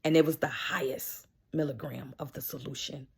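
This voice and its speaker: This is a woman with a low, deeply gravelly voice and a husky, breathy edge. She tells a personal story in a heartfelt vlog, often repeating herself and restarting sentences as she goes. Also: steady tone, normal speed. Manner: repeats herself and restarts lines while recounting events. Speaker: vlogger sharing a personal medical story.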